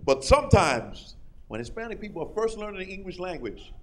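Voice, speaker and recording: A man doing a stand-up routine, loud and animated, acting out characters and shouting punchlines. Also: high-pitched, fairly quick. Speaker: stand-up comedian.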